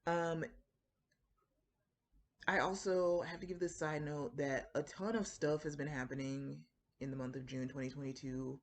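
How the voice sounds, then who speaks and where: A woman's voice: low voice, darkish tone. A woman with a Floridian accent talking casually to camera in a chatty, rambling way, full of fillers and asides. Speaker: writing vlogger.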